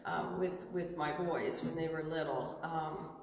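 A woman's voice: deep voice, steady tone, a little slow, a little mellow. A woman co-hosting a museum tour, speaking hesitantly with many fillers. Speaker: museum co-host. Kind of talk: casual tour talk. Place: large museum gallery indoors. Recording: echoey gallery, distant mic.

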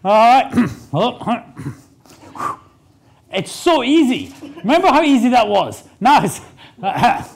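Man, keynote speaker, high voice, brash jokey storytelling, swears freely, live stage talk. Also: very animated, slow pace, vocal fry, pauses often. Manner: brash, joking, swears, acts out quoted people. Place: stage before a live audience.

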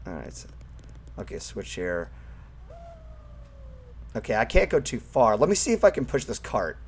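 A young man talks his way through a game stream in a loose, casual chat. His pitch swings widely, dropping to mutters and then jumping up into excited whoops. He swears freely as he plays. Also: normal speed, a little hiss or hum. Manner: excitable, swears often, squeals at thrills. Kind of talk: casual gameplay commentary.

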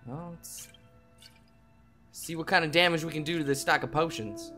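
A young man hosting a game play video, talking to viewers in a goofy way and breaking into loud yelps and yells. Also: fairly high pitch, moderate pace. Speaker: gaming channel host. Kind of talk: let's play commentary. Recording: game music playing softly behind.

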